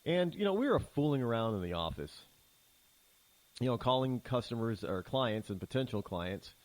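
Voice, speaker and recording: Middle-aged man, talk host; sarcastic, combative, lively swooping delivery, dry close sound. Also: mid-range voice, normal speed, no echo, poor audio. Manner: sarcastic, combative, rambling with restarts. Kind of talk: opinionated talk radio monologue.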